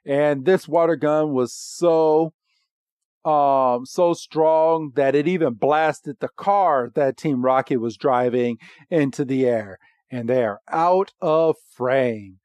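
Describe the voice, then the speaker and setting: Slow, rambling male podcast host. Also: on the high side, darkish tone, clear, resonant tone, dry recording, clean studio sound. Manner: rambling, halting storytelling. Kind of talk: casual episode recap.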